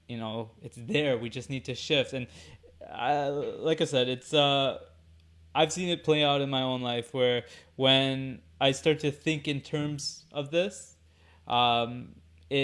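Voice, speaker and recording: A man's voice: mid-range voice, fairly bright tone. Thoughtful man hosting a podcast. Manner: thoughtful, halting, repeats words. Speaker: podcast host. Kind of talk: casual conversation.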